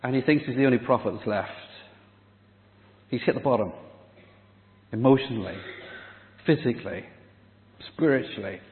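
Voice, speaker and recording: A man preaching a sermon, dramatic, dropping to a hush on key words. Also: mid-range voice, normal speed, long pauses. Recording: echoey hall, tinny phone-like sound.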